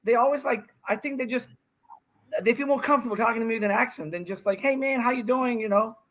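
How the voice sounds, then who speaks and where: A man's voice: extremely high pitch, steady tone, fast, a bit bright, low-quality recording. A middle-aged man from India, a pickleball pro guesting on a podcast, telling stories in a brash, joking way with swearing and frequent laughs. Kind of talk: casual podcast chat.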